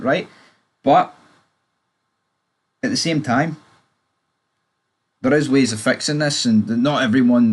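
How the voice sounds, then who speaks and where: Rambling man reviewing a show. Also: lowish voice. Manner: rambling, loose, with frequent asides to the viewer. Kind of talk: casual opinionated chat.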